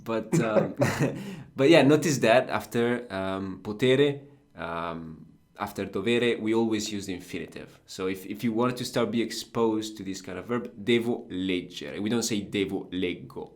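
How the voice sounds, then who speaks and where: Podcast teacher, Italian man with an Italian accent, lowish voice, patient explainer. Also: moderate pace. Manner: explanatory, with fillers and restarts. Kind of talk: casual language podcast lesson.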